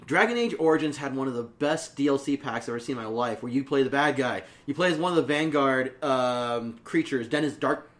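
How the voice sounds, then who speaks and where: A man co-hosting a casual gaming podcast, animated and boisterous, bursting into laughs and yells. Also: medium pitch, brisk, few pauses. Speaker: podcast co-host.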